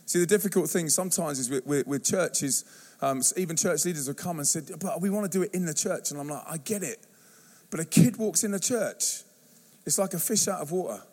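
A youth preacher from England delivers a sermon in a church hall, his high male voice a little fast. He's animated, telling stories and acting out youth slang and voices.

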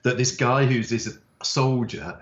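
A man's voice: medium pitch, unhurried, reverberant, highs cut off. A man, a writer, chatting in an interview and telling stories with many fillers. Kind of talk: interview conversation.

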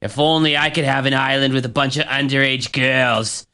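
A man's voice: mid-range voice, fairly even intonation, normal speed, pushed and bright, close to an everyday voice. Man doing a cocky Massachusetts boss. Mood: smug. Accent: Massachusetts (put on). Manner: smug, self-satisfied swagger. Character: cocky mid-forties male district manager.

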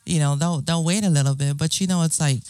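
A woman's voice: low-pitched, fast talker, a little mellow. A middle-aged woman from Guam, talking earnestly in a casual interview and often asking "you know what I'm saying". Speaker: guest.

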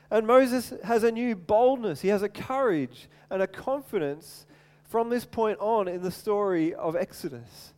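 A man preaching a sermon as animated storytelling, acting out voices and often repeating words, in a large hall with long reverb. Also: high-pitched, normal speed, clear, resonant tone.

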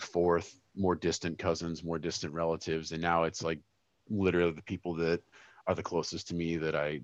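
Very deep-voiced man, somber and halting. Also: no room sound, highs cut off. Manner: halting, many restarts and fillers, somber. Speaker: podcast co-host. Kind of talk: casual chat.

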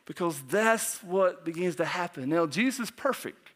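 This is a man preaching as a pastor in a high voice at a normal speed. Animated throughout, he keeps asking his listeners questions and at times falls to a hushed, barely-there whisper.

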